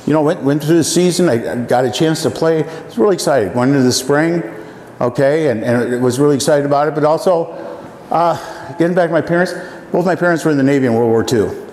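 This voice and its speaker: A man in his seventies, from Iowa, telling folksy personal stories to an audience, often pausing with "uh.". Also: a little high, darkish tone. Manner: folksy, halting with many fillers. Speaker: speaker. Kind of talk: storytelling talk to an audience. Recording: echoey hall, faint room noise.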